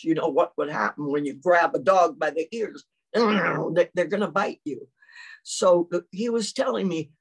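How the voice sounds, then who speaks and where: A woman's voice: lowish voice, a little slow, creaky, husky. An older woman, preaching a sermon and telling a personal story with lots of acted-out quotes.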